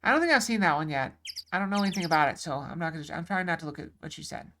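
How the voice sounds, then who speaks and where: A woman's voice: low-pitched, lively intonation, very fast, fairly bright tone, slight background noise. A woman streamer giving casual, rambling commentary while playing a game live. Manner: chatty, rambling. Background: game music.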